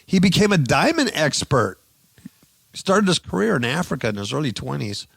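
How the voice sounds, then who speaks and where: A man's voice: a little high, sing-song, normal speed, creaky, breathy edge, dry recording, clean studio sound. A man hosting a radio show, giving sarcastic, mocking commentary on news stories.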